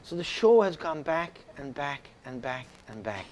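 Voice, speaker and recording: A man's voice: a little high, measured pace, a little hiss or hum. A middle-aged Irish man, a guest actor, telling stories in a casual interview chat. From Ireland. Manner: animated storyteller, many restarts.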